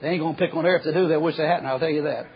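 A man preaching a folksy storytelling sermon, acting out the quoted voices and dropping to a hush at times. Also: fairly high pitch, steady tone, rapid-fire, some chatter behind, slight background noise. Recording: muffled lo-fi recording.

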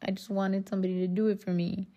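A woman's voice: mid-range voice, little pitch movement, quick pace, dark tone. Candid, cussing woman podcast host. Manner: candid, rambling, swears freely; addresses listeners as y'all. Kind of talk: casual solo podcast monologue.

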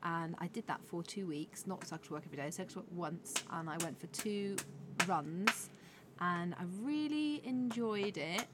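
A woman, chatting casually as a podcast co-host and acting out her own thoughts in quick asides. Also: lowish voice, expressive, heavy background noise. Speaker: podcast co-host, forest school leader. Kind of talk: casual chat.

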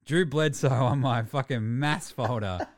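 A man's voice: medium pitch, a little slow, no echo, studio quality. A man in his thirties with an Australian accent, ranting and swearing in a casual sports chat. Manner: profane, ranting, animated. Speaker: podcast co-host.

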